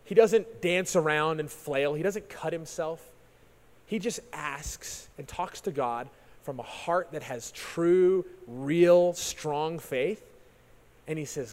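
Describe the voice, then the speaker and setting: A man preaching, retelling a story in an animated sermon style and often repeating words as he restarts. His voice sits high for a man. A long reverb trails behind him, as in a large church hall. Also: slow.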